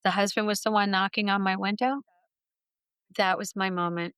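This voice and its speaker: Earnest middle-aged woman with a smooth voice. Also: mid-range voice, steady tone, moderate pace, a bit bright, dry recording. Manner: earnest, heartfelt, vivid retelling. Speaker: guest author. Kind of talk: personal storytelling in an interview.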